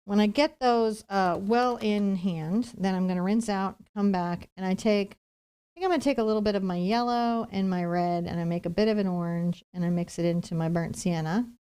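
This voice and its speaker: A woman teaching acrylic painting on a live stream, explaining each step in a chatty, relaxed way. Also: mid-range voice, normal speed, clean tone.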